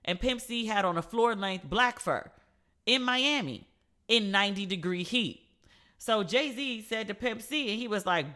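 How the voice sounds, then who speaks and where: A woman hosting a casual solo podcast, telling stories with playful, animated asides. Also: mid-range voice, unhurried. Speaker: podcast host.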